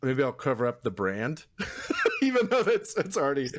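Young man, casual podcast chat, rambling, cursing, laughing, mid pitch. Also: wildly swooping pitch, moderate pace. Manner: rambling, swears freely, laughs a lot.

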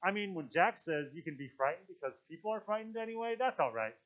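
An eager, chatty schoolboy put on by a man, pitched high and bursting out loud as he rambles on, words tumbling over each other. A dull, lo-fi recording. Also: animated, fast talker. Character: chatty excitable schoolboy, boy.

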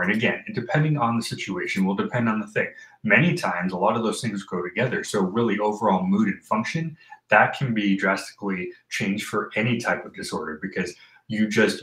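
A man in casual personal talk, earnest and halting, with many fillers and restarts. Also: fairly low pitch, fairly bright tone, roomy sound, poor audio. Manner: reads from a list aloud. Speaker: host talking about mental health.

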